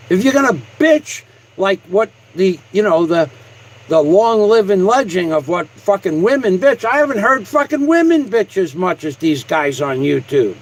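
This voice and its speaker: Male livestreamer with a high voice, angry and crude, hammering the same point over and over. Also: big pitch swings, measured pace, poor audio. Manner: angry, repetitive and heavily profane. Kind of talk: profane rant on a livestream.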